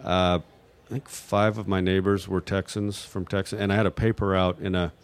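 A man's voice: low voice, level tone, moderate pace, clean tone. A man from New Mexico answering audience questions in a rambling, unscripted way, hesitating and restarting often. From New Mexico, USA. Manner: hesitant, full of fillers and restarts. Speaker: guest at audience Q&A.

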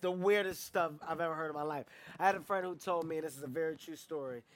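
A man from Philadelphia, a touring performer, telling stories with energy and frequent laughter in an interview. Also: fairly high pitch. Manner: animated storyteller, laughs easily.

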